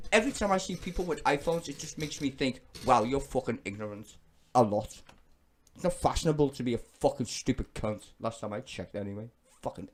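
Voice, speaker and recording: A man with a British accent rants through a profane reaction commentary. His voice sits a little higher than most men's, and he talks with open scorn. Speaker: YouTube commentator.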